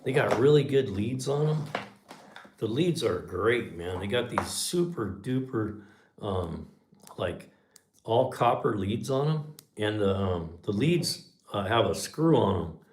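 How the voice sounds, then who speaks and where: A man's voice: lowish voice, lively intonation, slow pace, a little mellow. A man, from Southern California, hosting a casual livestream chat in a rambling, laid-back way. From Southern California, USA. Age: 60s. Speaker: livestream host.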